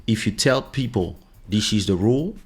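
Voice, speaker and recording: A man's voice: fairly low pitch, lively intonation, moderate pace, husky. A male podcast host in his home office, talking casually and insistently, often repeating "listen" as he tells a personal story. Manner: insistent, keeps saying "listen" to drive points home. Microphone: studio USB mic.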